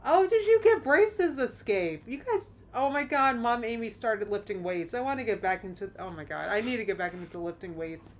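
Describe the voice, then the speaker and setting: A woman's voice: fairly high pitch, normal speed, hardly any pauses. A woman hosting a live react stream, chatting casually, exclaiming and reading out viewer comments. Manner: animated, exclaiming, reads chat aloud.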